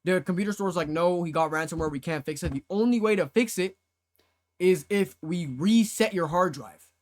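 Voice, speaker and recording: A man's voice: sits high, normal speed. A young man streamer telling a story to his live chat in casual slang, acting out his own past reactions.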